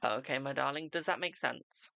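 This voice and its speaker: A man's voice: medium pitch, moderate pace, gravelly, pushed and bright, dry recording. A young man hosting a live-streamed tarot reading, reassuring and repetitive, calling the viewer "my darling" and checking in with "okay?".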